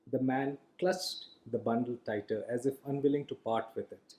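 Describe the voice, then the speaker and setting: Mellow-voiced man reading a story. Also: mid-range voice, fairly even intonation, moderate pace, low-quality recording. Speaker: author reading his own book. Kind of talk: audiobook narration.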